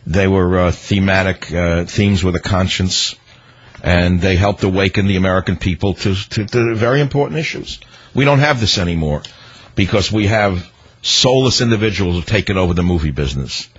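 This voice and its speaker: A man delivering political commentary on his radio show, indignant and rhetorical. His voice is low and husky. The broadcast sounds dull and lo-fi. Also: normal speed. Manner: indignant, rhetorical, hammering repetition. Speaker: radio talk show host.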